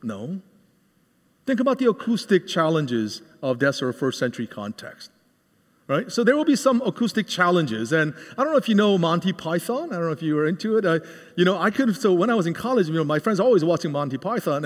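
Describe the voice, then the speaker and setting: A man preaching a sermon with a cordless microphone, animated and quizzing the congregation with questions. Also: high-pitched. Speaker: guest preacher. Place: church hall. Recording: reverberant hall.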